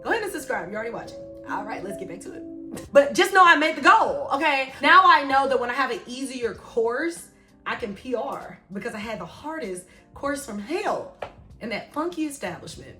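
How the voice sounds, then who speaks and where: A young woman talks through her running vlog in a high, sharp, bright voice. She tells the story with animated drama and joking asides. Faint music plays under her voice. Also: normal speed. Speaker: running vlogger.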